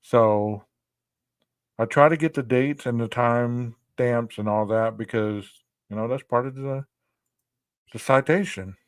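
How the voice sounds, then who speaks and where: A man's voice: medium pitch, unhurried, clear, resonant tone, dry recording. A man co-hosting a podcast, commenting casually and talking straight to his listeners. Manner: chatty, addresses listeners directly. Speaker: podcast co-host.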